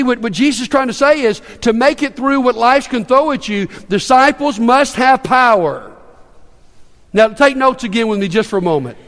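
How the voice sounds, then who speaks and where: High-voiced pastor preaching in an echoing hall. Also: male voice, fairly bright tone. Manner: earnest, with stammered repetitions. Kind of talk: sermon. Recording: long reverb in a large hall.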